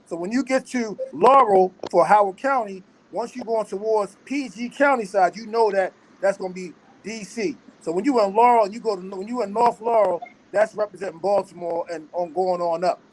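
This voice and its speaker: Man, podcast host, high voice, rambling, repeats himself, casual chat, faint background ambience. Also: normal speed, few pauses, a little hiss or hum, low-quality recording. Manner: rambling, repeats and restarts phrases.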